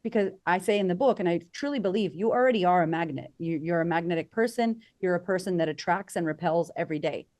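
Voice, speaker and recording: A woman coaching as a podcast guest, energetic and conversational, acting out quoted voices for emphasis. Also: fairly low pitch, fast talker, hardly any pauses. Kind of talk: conversational interview.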